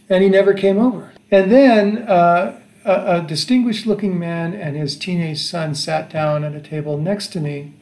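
A man's voice: sits high, a little mellow. A man in his sixties from the United States, casually telling a family about his travels, with a rambling manner full of fillers and restarts. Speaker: father recalling travels. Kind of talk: casual storytelling chat. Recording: echoey room.

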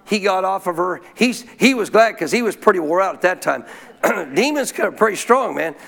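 High gravelly folksy preacher man. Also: moderate pace. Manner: folksy, animated, clears throat often. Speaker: pastor. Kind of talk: storytelling sermon.

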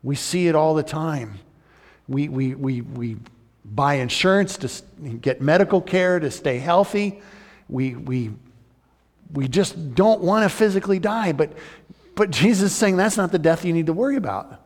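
A man preaching a sermon as pastor, swinging from loud urgent emphasis to soft, intimate appeals. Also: fairly high pitch, lively intonation, normal speed, in a large hall.

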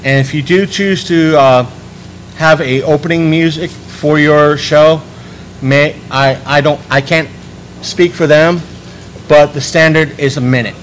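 A man's voice: fairly high pitch, steady tone, a little slow, a little hiss or hum, poor audio. A man hosting a podcast panel, talking casually and rambling with frequent restarts. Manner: chatty, rambling with many restarts.

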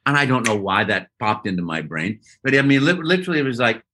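A man guest telling a lively story in an interview and acting out voices and sounds as he goes. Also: mid-range voice, fast, a little hiss or hum. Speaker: guest voice actor. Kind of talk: animated storytelling.

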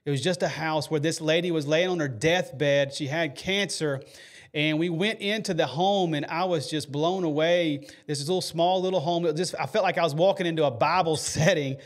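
A man's voice: fairly high pitch, moderate pace. A man hosting a faith podcast, telling a story earnestly and emotionally, with many fillers and restarts. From United States. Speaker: podcast host.

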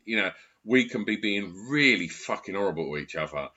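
A man with a very low yet bright-toned voice speaks earnestly in a relaxed podcast chat, leaning on fillers. The sound is dull and lo-fi. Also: brisk. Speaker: podcast guest. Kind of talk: casual chat.

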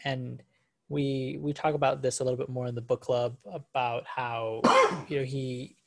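A man co-hosting a podcast, chatting casually in a relaxed way, often stumbling over the first words of his sentences. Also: medium pitch, measured pace, gravelly. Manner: relaxed, with stammered restarts. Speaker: podcast co-host. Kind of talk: casual review chat.

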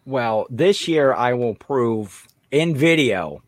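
A man's voice: mid-range voice, animated, takes it slowly, no room sound. A man co-hosting a podcast, explaining things in an easygoing way. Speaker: podcast co-host. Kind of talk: casual chat.

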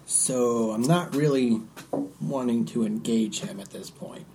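Very deep-voiced woman playing a tabletop game. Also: unhurried, dark tone, a little hiss or hum. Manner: practical, asks about moves and dry quips. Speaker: player.

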